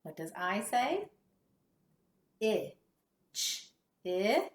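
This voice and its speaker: Woman teacher for little kids, slow deliberate phonics drill, animated praise, roomy echo. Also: mid-range voice. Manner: slow, exaggerated sound-by-sound modeling with lively praise. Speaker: kindergarten teacher. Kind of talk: phonics lesson for young children.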